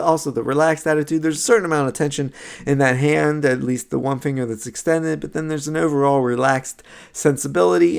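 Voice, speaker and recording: A man's voice: mid-range voice, vocal fry, a little mellow. A man giving a recorded slideshow lecture on music history, conversational, with many fillers and restarts and frequent "right?" checks.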